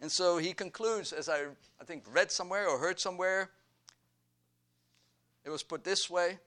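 A man preaching a sermon, slow and deliberate, building emphasis through repeated phrases. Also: high-pitched, fairly bright tone. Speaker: pastor.

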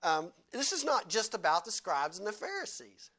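A man's voice: high-pitched, big pitch swings, moderate pace, sharp tone. A male pastor delivering a sermon at a church service, earnest, repeating key phrases and asking rhetorical questions.

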